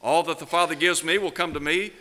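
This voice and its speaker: A man preaching a sermon, asking rhetorical questions and slowing down to stress key words. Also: fairly high pitch, steady tone, sharp tone, big-room sound. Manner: measured preaching, slows down for emphasis, rhetorical questions.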